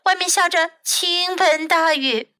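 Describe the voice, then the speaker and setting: A woman teacher reading a bilingual picture book to children, gentle and clear. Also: very high-pitched, a little slow, dry recording.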